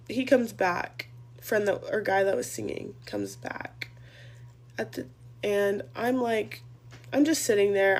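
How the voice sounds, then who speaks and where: A woman's voice: mid-range voice, vocal fry, darkish tone. A young woman telling a rambling, profane story in a casual vlog.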